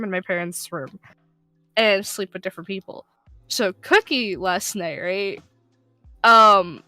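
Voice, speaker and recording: A woman who voice-acts, casually telling a story during a game stream, animated and swearing, with loud excited bursts. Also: mid-range voice, dry recording. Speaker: guest co-player, voice actor.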